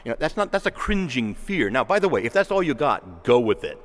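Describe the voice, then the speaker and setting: A man preaching a sermon with impassioned delivery, moving between raised pleading and hushed earnestness. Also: mid-range voice, sing-song, a little fast, long reverb tail.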